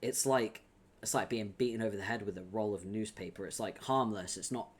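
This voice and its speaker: A man's voice: on the low side, fairly quick. A man reading a webcomic aloud on a live stream, chatting with viewers, laughing often and swearing casually.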